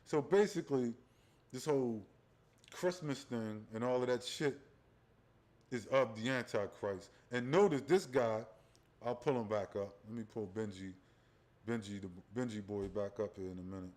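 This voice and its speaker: A man's voice: mid-range voice, moderate pace, a little mellow. Rambling man hosting a religious commentary stream. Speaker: livestream host.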